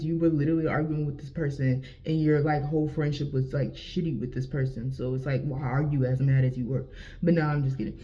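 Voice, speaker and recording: A young adult woman telling a casual storytime vlog, animated and profane, with lots of slang and acted-out quotes of herself. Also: deep voice. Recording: slightly dull lo-fi sound.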